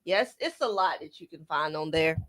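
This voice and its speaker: Soft-spoken woman with a Memphis accent. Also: low voice, animated, normal speed, dry recording, clean studio sound. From Memphis, Tennessee. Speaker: radio show co-worker. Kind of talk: casual chat.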